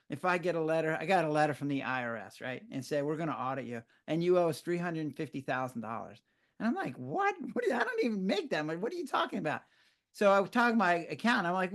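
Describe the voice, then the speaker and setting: An older man with a somewhat high voice talks in a relaxed interview. He tells lively stories and acts out his own surprised reactions. He explains with the ease of a physician who has said this many times. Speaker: physician guest. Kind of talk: conversational interview.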